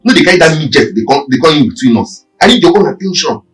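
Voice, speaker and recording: A man's voice: a little high, very animated, fairly bright tone, far from the mic, faint music behind, low-quality recording. An actor with a Nigerian Pidgin accent playing a jealous, angry boyfriend from the village, scolding his partner in a film scene. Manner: quarrelsome, rapid scolding. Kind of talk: Nollywood film acting.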